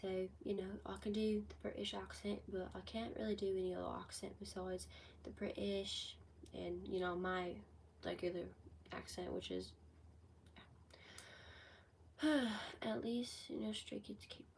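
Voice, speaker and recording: A sixteen-year-old girl chatting casually on a livestream, rambling with lots of "like", her voice a bit hoarse from a cold. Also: mid-range voice, lively intonation, moderate pace, distant mic, slight background noise, low-quality recording. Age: teens. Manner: rambling, heavy use of "like". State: sick with a cold, voice going hoarse. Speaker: livestreamer answering chat.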